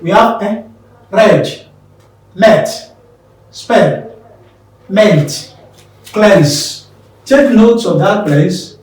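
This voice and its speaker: A man teaching pronunciation in a slow, drilling manner, repeating words for learners. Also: sits high, expressive, a little mellow. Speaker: English teacher. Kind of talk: classroom pronunciation lesson. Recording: very echoey room, mic far off.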